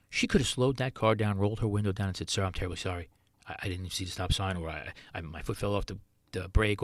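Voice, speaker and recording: A man's voice: medium pitch, dry recording, studio quality. A middle-aged man, a chef hosting his own podcast, talking earnestly in a solo monologue full of rhetorical questions.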